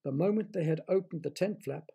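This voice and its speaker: A man reading a children's story aloud, gently stopping to explain things to young listeners. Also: on the high side, brisk, gravelly, a little hiss or hum.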